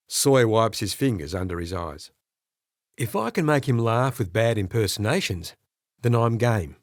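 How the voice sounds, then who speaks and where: A man narrating an audiobook in the first person, expressive and storytelling. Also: lowish voice, moderate pace, no echo, studio quality. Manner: expressive storytelling with character voices.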